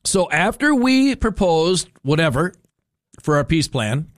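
A man with a somewhat high voice delivers an opinionated talk radio monologue. He sounds exasperated and incredulous, often restarting his sentences as he argues. The sound is dry, with no room echo. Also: big pitch swings, a little slow.

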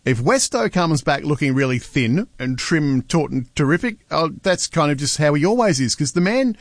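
Man radio host, light joking chat, higher voice, dry booth. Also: very animated, moderate pace, dry recording.

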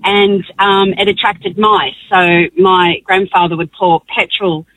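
A woman calling a radio show, telling a story hesitantly with many pauses. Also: medium pitch, level tone, fairly bright tone, recorded from a distance, low-quality recording. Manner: hesitant, lots of ums. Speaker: caller.

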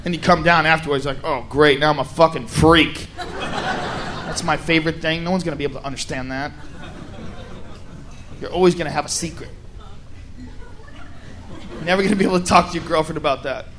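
A young man doing a crude, animated stand-up routine, breaking into shouts at times, on a stage mic. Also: a little high, fairly quick, long pauses, a crowd in the background, noisy background. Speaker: stand-up comedian. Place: comedy stage before a live audience.

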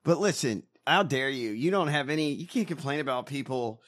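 Brash, profane man with a lively voice. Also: mid-range voice, a little fast. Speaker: podcast host. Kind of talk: casual chat.

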